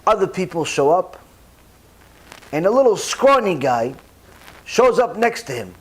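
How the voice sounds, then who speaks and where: A rabbi giving a sermon, telling stories with emphatic repetition and animated delivery. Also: male voice, high-pitched, a little slow, breathy edge. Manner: repeats phrases for emphasis.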